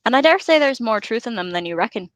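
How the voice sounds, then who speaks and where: A woman's voice: a little high, animated, quick pace, no echo, lightly acted. A woman reading the lines of a stubborn, earnest male hobbit gardener in a storybook read-aloud. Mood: insistent. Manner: insistent, earnest.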